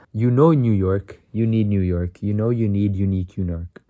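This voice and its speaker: A young man talks to camera in a loose, chatty vlog. His voice sits a little low and sounds mellow and warm. He rattles off tongue twisters, slips, and restarts without fuss. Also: moderate pace. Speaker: vlogger. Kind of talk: casual self-recorded practice vlog.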